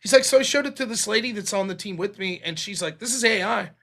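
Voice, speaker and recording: A man's voice: high-pitched, quick pace, fairly bright tone. A man hosting a political call-in show, talking casually and profanely, rambling through stories as he retells what others told him.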